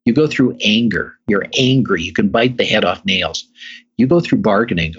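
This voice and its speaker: Husky-voiced man telling his story. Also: medium pitch, animated, moderate pace. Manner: emphatic storyteller who repeats phrases. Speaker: guest. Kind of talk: interview storytelling. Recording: dull lo-fi recording.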